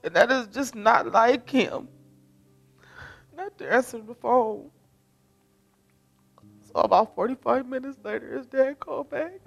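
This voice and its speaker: A woman's voice: fairly high pitch, lively intonation, a little slow, creaky, pauses often, soft background music. A middle-aged woman, a bereaved mother giving an emotional personal testimony, tearful, her voice rising as she tells it.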